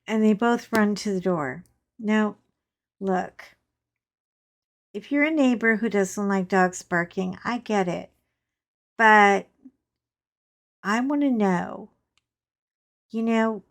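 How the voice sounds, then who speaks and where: Unhurried chatty woman telling stories. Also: mid-range voice. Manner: chatty, animated storyteller with frank asides. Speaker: crafting channel host. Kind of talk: casual storytelling chat while crafting.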